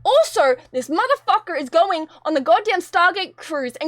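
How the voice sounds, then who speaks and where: A young woman with a very high voice rants to her stream chat, rambling and exasperated, swearing freely. Her voice sits close and dry on the mic, with no room around it. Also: sing-song, moderate pace, few pauses, a bit bright, no echo. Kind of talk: casual ranting to a live chat.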